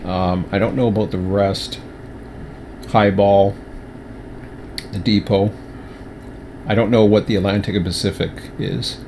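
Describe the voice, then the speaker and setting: Rambling low-voiced man, humming room. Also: fairly even intonation, measured pace, long pauses, a little mellow, a little hiss or hum. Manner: rambling, many restarts and fillers. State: talking with mouth full. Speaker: streamer. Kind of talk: casual livestream chat.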